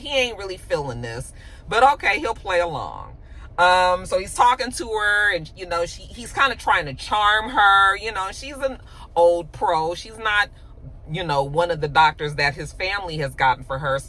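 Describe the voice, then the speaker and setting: A woman host recapping a TV episode in casual chat, animated and profane, filling her lines with "you know.". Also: fairly low pitch, normal speed, a little hiss or hum, low-quality recording.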